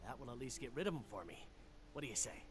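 An actor as a gruff fed-up farmer. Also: male voice, mid-range voice, lively intonation, fast talker, slight background noise, close to an everyday voice. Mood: exasperated. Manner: gruff, exasperated, rural drawl. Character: grumpy male farmer, fed up and suspicious.

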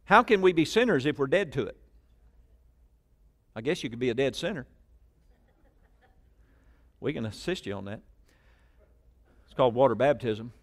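Animated preacher, lively pitch. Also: male voice, normal speed, long pauses. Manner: call-and-response preaching, prompting the congregation to repeat; swings between loud emphatic bursts and quiet asides. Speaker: pastor. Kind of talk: sermon. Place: church sanctuary with congregation.

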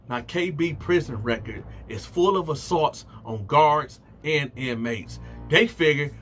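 A man telling a story in a casual vlog, animated and slangy, talking straight to his viewers. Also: fairly high pitch, measured pace, few pauses, soft background music.

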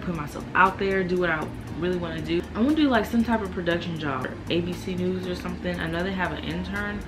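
A woman's voice: deep voice, rough recording. A young woman vlogging casually to camera, rambling candidly with many fillers, tired and yawning. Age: young adult.

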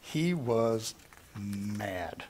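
A middle-aged man teaching through the Bible verse by verse, reading scripture aloud and then retelling it in plain, lively everyday talk. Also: fairly low pitch, extremely slow, a little hiss or hum.

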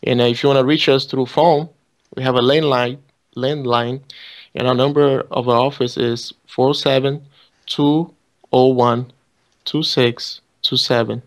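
A male pastor, a guest on a Christian talk show, speaks calmly and plainly. His voice has an ordinary middle pitch and no marked traits. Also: a little slow. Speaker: pastor of a house church. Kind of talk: casual talk show chat.

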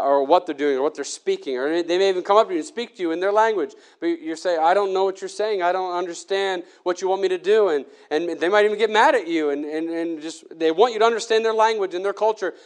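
A male preacher delivering a Sunday sermon with a fairly high voice. He talks earnestly and conversationally, stumbling and restarting as he presses his point. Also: smooth. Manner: earnest, with frequent restarts and fillers.

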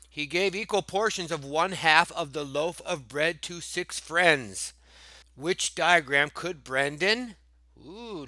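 Guy teacher goofing around going over math problems, bright tense voice, dead dry room. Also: high voice, no room sound. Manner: playful, jokey, talks to the answer choices. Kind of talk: casual math lesson walkthrough.

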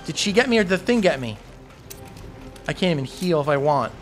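A man giving panicky, excitable commentary while playing a video game, talking to himself and cheering out loud. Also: sits high, quick pace, soft background music. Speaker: gameplay streamer. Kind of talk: live gameplay commentary.

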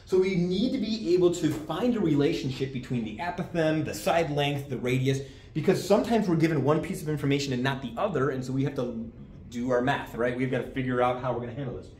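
Lecturing on geometry to a class, this male math teacher talks at a quick pace in a mid-range, somewhat mellow voice. Key terms get repeated, and he often asks "all right?". Audio is roomy and distant, with a faint background hum.

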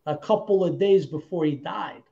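A man's voice: fairly high pitch, normal speed, creaky, warm tone, dull audio. A man telling a story in a casual chat, swearing freely and acting out what other people said. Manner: profane, acts out other people's lines in quotes. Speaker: guest actor.

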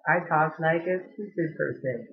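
A man's voice: on the high side, moderate pace, vocal fry, breathy edge, dull audio. A young man in a casual vlog at home, rambling and sarcastic about college, laughing often, recorded on a webcam. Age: young adult. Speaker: vlogger.

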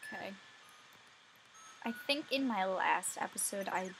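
A woman's voice: mid-range voice, lively intonation, measured pace, vocal fry, a bit bright, slight background noise, low-quality recording. A young woman casually commenting on her gameplay, talking to herself and yawning now and then. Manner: chatty, talks to herself while playing. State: sleepy, yawning. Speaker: let's play gamer. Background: faint game music.

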